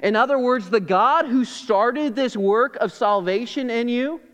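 High-voiced man preaching in a hall. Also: measured pace, fairly bright tone. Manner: emphatic preaching with rhetorical questions and acted-out dialogue. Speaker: pastor. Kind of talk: sermon.

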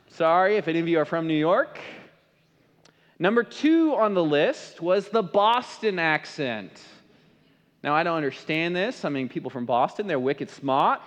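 A man preaches emphatically, putting questions to his listeners. His voice sits high and swings widely in pitch. The sound rings out with the long reverb of a big hall. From American Midwest. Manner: emphatic, asks the congregation questions. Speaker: pastor. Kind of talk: sermon.

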